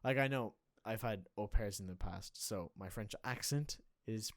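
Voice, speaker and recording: A man's voice: fairly low pitch, normal speed, no room sound, studio quality. A young Irish man chatting casually as a podcast co-host, rambling with many restarts and fillers. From Ireland. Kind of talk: casual chat.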